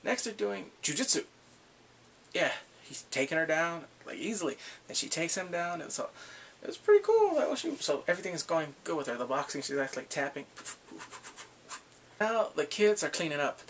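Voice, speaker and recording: A young man giving a casual, excitable recap of a drama, often laughing and acting out what the characters say. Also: fairly high pitch, brisk, slight background noise. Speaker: drama reviewer.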